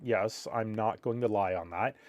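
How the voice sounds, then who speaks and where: A man's voice: on the low side, moderate pace, a little mellow, no echo. A man from Canada, rambling through a casual live stream, reacting to viewer chat and a little tired.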